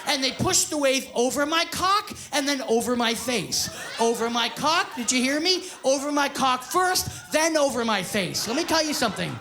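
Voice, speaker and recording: A man, a stand-up comedian telling a story loudly and profanely on stage. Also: very high voice, lively intonation, normal speed, soft background music. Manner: loud, profane, often yelling. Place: theater stage before a live audience. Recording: live show with audience laughter.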